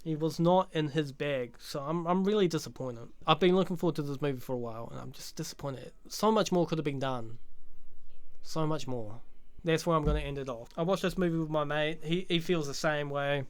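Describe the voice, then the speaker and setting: A rambling, foul-mouthed man delivers a casual movie review rant in a slightly high voice. His tone is smooth and resonant, and the sound is dry and close. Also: fairly quick, no room sound. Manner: profane, rambling, sardonic.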